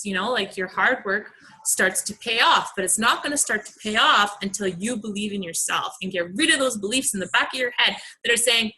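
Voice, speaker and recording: A woman's voice: medium pitch, a little fast, pushed and bright, low-quality recording. A young adult woman leading a motivational team call, earnest and chatty with many fillers.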